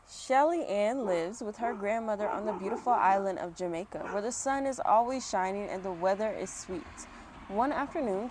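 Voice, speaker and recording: A mother's medium-pitched voice comes through an external mic as she reads a picture book at home, chatting in asides and laughing at herself. The background is noisy, including dogs barking.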